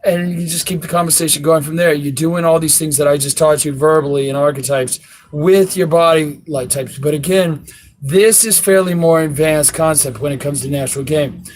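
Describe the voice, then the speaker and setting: A man's voice: on the high side, steady tone, normal speed, poor audio. A man coaching on dating in a crude, blunt, profane way, acting out both sides of conversations with women. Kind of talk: casual instructional talk.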